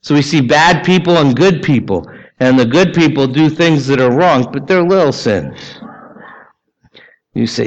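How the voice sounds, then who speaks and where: A man's voice: on the high side, lively intonation, unhurried. A man, preaching a sermon in a conversational way, asking the congregation questions and adding casual asides. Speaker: pastor. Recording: dull lo-fi sermon recording.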